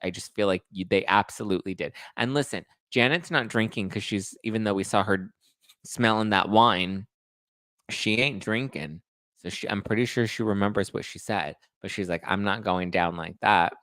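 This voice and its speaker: A man's voice: lowish voice, normal speed, fairly bright tone, dry recording. A man hosting a podcast, chatting casually and with sass while recapping reality TV. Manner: chatty and sassy, acts out quotes. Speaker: podcast host.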